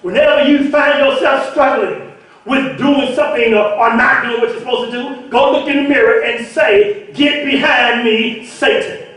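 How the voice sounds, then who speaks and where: High-voiced preacher in an echoey church. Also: male voice, moderate pace. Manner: call-and-response preaching, repeats words, builds to shouts. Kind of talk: sermon. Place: church sanctuary. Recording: echoey church hall from far off.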